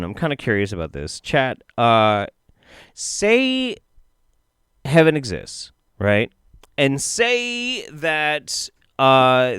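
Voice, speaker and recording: Male streamer, sarcastic, swearing a lot, lively pitch, smooth clear voice, dry close sound. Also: no room sound. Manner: profane, sarcastic, animated. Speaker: streamer reacting to a video. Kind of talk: casual live-stream commentary.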